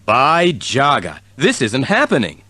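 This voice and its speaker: A man's voice: mid-range voice, huge pitch swings, measured pace, sharp tone, dry recording, heavily acted. A man voicing a confident young male cat lord in a storybook reading, in a plain hearty voice. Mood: surprised.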